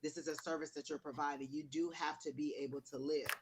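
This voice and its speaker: A woman's voice: sits low, flat delivery, fast talker. A woman reading tarot on a livestream, explaining her points in a conversational way with everyday examples. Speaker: tarot reader, co-host. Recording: noisy livestream audio.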